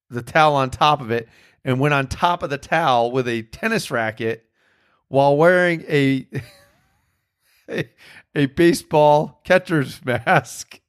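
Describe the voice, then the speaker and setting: A man's voice: fairly high pitch, clean tone. Man telling a rambling profane story. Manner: rambling, profane storytelling with self-mocking laughs. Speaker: podcast host. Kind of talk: casual chat.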